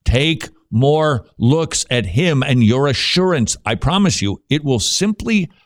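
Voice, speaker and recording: A man hosting a radio talk show, joking and animated, who turns preacherly when he teaches. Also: mid-range voice, slow, dry recording, studio quality. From Dutch heritage.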